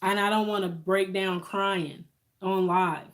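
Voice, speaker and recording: A woman's voice: medium pitch, fairly even intonation, slow pace. A woman, chatting on a live stream, emotional and thankful, laughing often. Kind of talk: casual live-stream chat with viewers.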